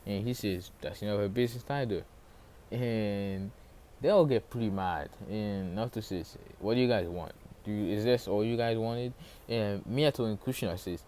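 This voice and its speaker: Retelling a fan story in a casual way, this man has a sore throat and keeps wandering off, forgetting names and leaning on lots of fillers. His voice is on the low side with a dark tone, at a moderate pace.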